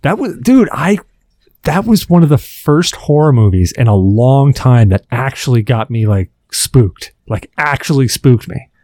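A man's voice: medium pitch, expressive, unhurried, a little mellow. A man with an ordinary mid-range voice chatting casually on a gaming podcast, often restarting his sentences. The sound is dry and close, with no room echo. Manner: rambling, restarts words. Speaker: podcast co-host. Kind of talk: casual chat.

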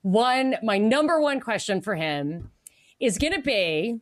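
A woman with a slightly high voice co-hosts a podcast in loose political chat. She talks animatedly, laughs often and slips into little voices when she quotes people. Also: big pitch swings, unhurried. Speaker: podcast co-host.

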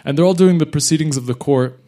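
Young guy doing a live comedy story, lively, jumps into other people's voices. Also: a little high. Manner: animated, acts out other people's lines in quick bursts. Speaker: stand-up comic telling a live story. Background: audience laughter.

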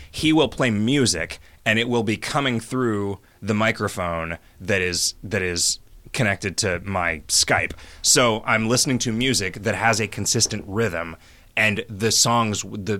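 Low-ish guy with a bright edge, goofing around on a podcast, rambly explainer. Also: unhurried. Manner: rambling, joking, explains at length. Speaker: podcast host. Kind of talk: casual chat over a call.

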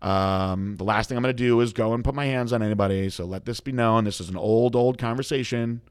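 A man's voice: medium pitch, brisk, smooth, no room sound, studio quality. A man telling a story in casual conversation as a guest, blunt and frank, acting out the dialogue as he goes. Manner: animated storyteller, acts out quoted dialogue.

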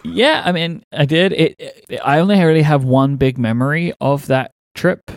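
A man chatting on a podcast, relaxed and telling stories. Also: on the high side, normal speed, no room sound, clean studio sound. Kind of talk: casual podcast chat.

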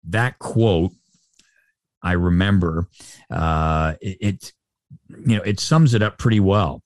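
A man's voice: low voice, takes it slowly, no room sound, clean studio sound. A middle-aged Canadian man, a sportscaster, chatting in an interview with lots of fillers and restarts. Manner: rambling, many fillers and restarts. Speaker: sportscaster guest. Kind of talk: casual interview chat.

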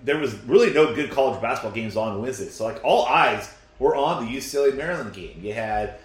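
A man co-hosting a casual sports podcast, riffing in a jokey, excitable way. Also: medium pitch, a little fast, reverberant.

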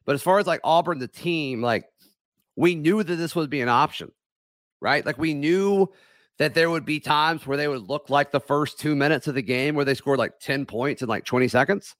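A man hosting a casual sports talk stream, hoarse from yelling, rambling with many fillers and restarts. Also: fairly high pitch, moderate pace, no room sound, studio quality.

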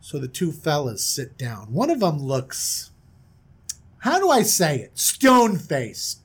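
A man spins a comic tale in a loose, chatty way, dropping wry asides along the way. His voice is fairly high and very animated, rising and falling freely as he talks. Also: measured pace, husky. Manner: casual, wry, conversational. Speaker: comic storyteller. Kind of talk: comic story narration.

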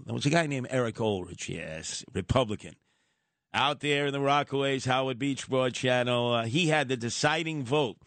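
A New man hosting talk radio, sarcastic and emphatic, heaping scorn with punchy nicknames. His voice sits at an ordinary middle pitch and is recorded close in a dry studio. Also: fairly bright tone, dry recording. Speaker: radio talk show host. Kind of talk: combative talk radio monologue. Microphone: studio microphone.

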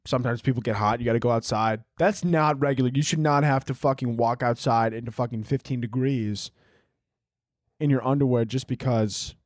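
A man's voice: medium pitch, a little fast, no echo, clean studio sound. A young man hosting a solo podcast, rambling and joking crudely, filling his talk with "like" and "dude". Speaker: podcast host.

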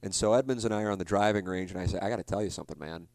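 A man in his forties hosts a podcast and talks straight to the listener in a rambling, self-deprecating way, often restarting his sentences. His voice sits fairly low, and the recording is dry and close. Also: very fast, a little mellow, no echo. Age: 40s. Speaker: podcast host. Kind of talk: casual monologue.

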